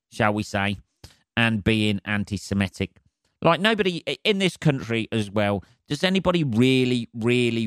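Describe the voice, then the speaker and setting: A man's voice: lowish voice, fairly bright tone, smooth, no room sound, studio quality. A man hosting a solo podcast, ranting in a sweary, rambling way. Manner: sweary, rambling, laughing asides. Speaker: podcast host. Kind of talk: solo comedic rant.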